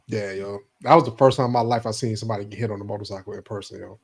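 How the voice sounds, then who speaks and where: A man's voice: fairly low pitch, vocal fry. Casting note: a man, mid-range voice, easygoing and full of slang. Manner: relaxed, drawn-out storytelling, slang-heavy. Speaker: co-host. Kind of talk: casual chat.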